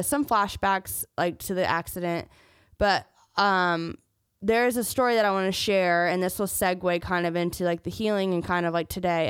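On her own podcast, a young woman candidly shares an emotional personal story, sometimes close to tears, breaking up the serious parts with jokes. Her voice sits on the low side, clear and resonant. The studio sound is clean, with no echo.

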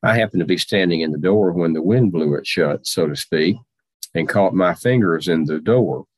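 A man portraying an aging Civil War general and president in first person, speaking with slow, deliberate, formal phrasing. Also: low voice, breathy edge, no echo. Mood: earnest. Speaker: historical reenactor in character.

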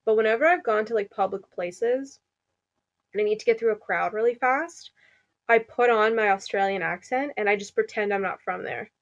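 A woman's voice: medium pitch, moderate pace, highs cut off. A woman in her twenties co-hosting a casual podcast chat. She laughs often and slips into joking put-on accents. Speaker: podcast co-host.

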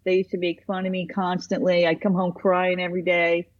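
A woman's voice: fairly low pitch, monotone, fairly quick, lo-fi sound. A woman therapist in casual chat, telling stories animatedly and acting out the people she quotes.

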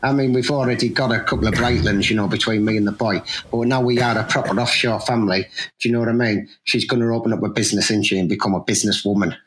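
A man's voice: on the low side, steady tone, fast talker, fairly bright tone, close to an everyday voice. A man playing a brash, boastful offshore worker at his own wedding, rambling and cocky. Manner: cocky, rambling, keeps saying you know what I mean. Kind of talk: improvised comedy sketch.

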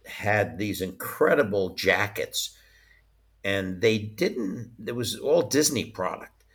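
A man's voice: lowish voice, expressive, slow, fairly bright tone, husky. A man being interviewed as a former studio licensing executive, telling chatty stories and often laughing mid-story. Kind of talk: casual anecdotal storytelling.

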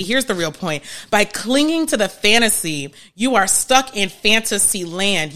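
A woman's voice: mid-range voice, sharp tone. A woman therapist teaching on a live stream, emphatic, often restarting sentences and laughing at herself.

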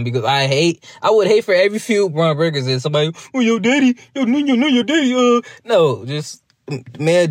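A man's voice: on the high side, no echo, studio quality. A man giving a casual, rambling recap review of a wrestling show, chatting loosely with lots of asides. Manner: rambling, chatty, slips into quick mock voices.

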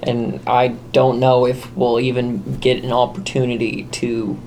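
Give me a hesitant man with a gravelly voice chatting at a tabletop game. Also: medium pitch, little pitch movement, unhurried, a little mellow, slight background noise. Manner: hesitant, restarts sentences. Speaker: player. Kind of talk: casual tabletop game chat.

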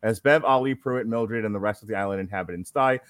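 A man's voice: fairly low pitch, fast talker, dry recording, clean studio sound. A man hosting a podcast, reading a plot recap aloud and breaking off with wry, sarcastic asides. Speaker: podcast host.

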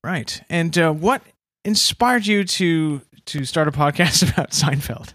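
A man's voice: fairly high pitch, expressive, a little slow, a bit bright, dry recording, studio quality. A man hosting a podcast, asking questions in a casual, hesitant way with many fillers. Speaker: podcast host. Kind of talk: casual interview.

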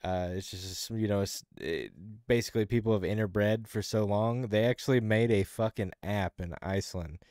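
Male podcast co-host, lowish smooth voice, dry close mic, loose rambling profane chatter. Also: normal speed, hardly any pauses, a little mellow, no room sound. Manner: rambling, swears a lot, restarts sentences. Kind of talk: casual profane chat.

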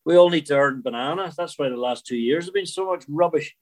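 An older man, an actor telling stories in a casual interview. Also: a little fast. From Northern Ireland. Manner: chatty storyteller, animated swings in pitch. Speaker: actor guest.

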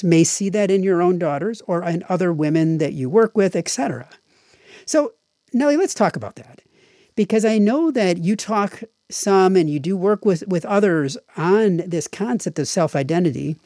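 An interview host setting up a topic with long, earnest questions. The voice is mellow and soft-edged, recorded close and dry. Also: medium pitch, no echo.

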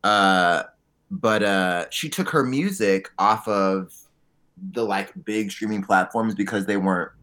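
A man co-hosting a podcast in casual chat, telling profane, animated stories with quick asides. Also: lowish voice. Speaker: podcast co-host.

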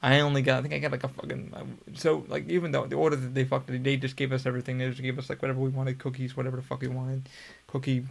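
A young man hosting a podcast races through a long story in a monotone mid-range voice with vocal fry. The telling is laid-back and rambling, peppered with profanity.

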